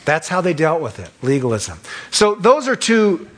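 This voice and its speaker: Man, pastor, sermon, fairly high voice, animated, acts out voices. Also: normal speed.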